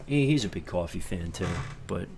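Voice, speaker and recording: A man's voice: sits low, expressive, moderate pace, gravelly, background noise. A middle-aged man from New York with a New York accent, rambling casually on a livestream and talking to chat viewers by name. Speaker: livestream host.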